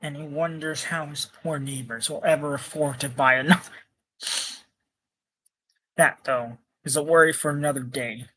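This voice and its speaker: Guy reading a comic out loud, bright kinda high voice, trips over words. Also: steady tone, normal speed, long pauses. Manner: stumbles over words, chats asides. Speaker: comic book reader. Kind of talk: casual comic read-aloud with commentary.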